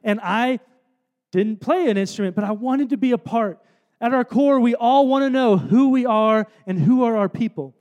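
A man in his thirties tells his story from the stage in a relaxed sermon. He talks in a rambling, self-deprecating way with plenty of fillers, and his voice sits high for a man. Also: normal speed, muffled recording. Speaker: speaker at a worship event.

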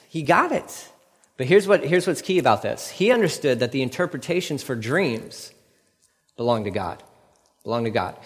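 A pastor with a mid-range voice preaches a casual, conversational sermon, acting out what people say in shifting voices. A long reverb tail trails his words.

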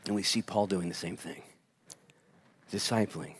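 A man preaching a sermon in a conversational, storytelling way, moving between hushed asides and excited bursts. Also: low-pitched, normal speed, breathy edge. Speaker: pastor.

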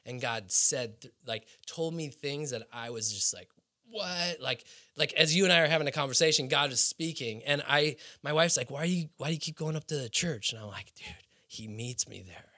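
A man being interviewed, telling a long personal faith story in a casual, animated way and dropping low and quiet when he quotes others. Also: brisk, few pauses. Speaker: interview guest, snowboarder.

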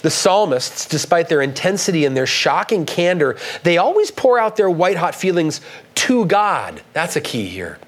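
Man, pastor, sermon, earnest, somewhat high voice, rises when reading scripture. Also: sing-song, moderate pace.

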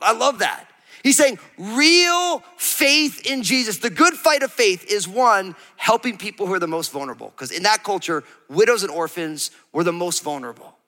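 Playful pastor guy preaching, high bright voice, long echo of a big church hall. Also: big pitch swings, a little fast. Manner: playful, acts out quotes, asks the crowd. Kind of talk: sermon.

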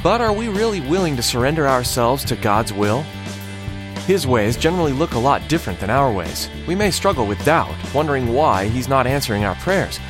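Male announcer voice, earnest intro read, pitch moves around a lot, guitar music behind. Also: sing-song, brisk. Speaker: radio program announcer. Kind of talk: scripted program introduction. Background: acoustic guitar music.

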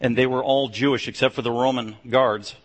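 A man preaching a sermon, swinging between loud emphatic declarations and low hushed passages. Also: steady tone, a little fast, in a large hall. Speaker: pastor.

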